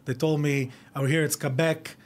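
A man's voice: fairly high pitch, little pitch movement. A man on a podcast telling rowdy family stories in casual chat, swearing and laughing as he goes. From Montreal. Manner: fast, profane, laughing while telling stories. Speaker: podcast co-host. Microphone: podcast studio mic.

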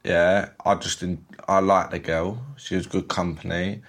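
Twenty-something guy, super low voice, chill and dodgy answers. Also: level tone, a little slow, a bit bright. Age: 20s. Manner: laid-back, evasive. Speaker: son. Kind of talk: casual chat.

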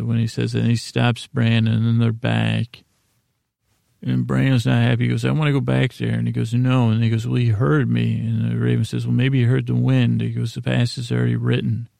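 A man with a very gravelly, dark voice drifts through a rambling episode recap meant to lull listeners to sleep. He speaks in a flat, even tone, halting often and paraphrasing scenes loosely. The sound is close and dry. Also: mid-range voice, no echo. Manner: meandering, halting, loosely paraphrases dialogue in a casual retelling. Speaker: sleep podcast host.

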